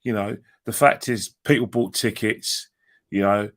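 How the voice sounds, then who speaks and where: Gravelly man, opinionated. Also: fairly low pitch, a little slow. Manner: emphatic, repeats himself. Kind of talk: casual opinionated chat.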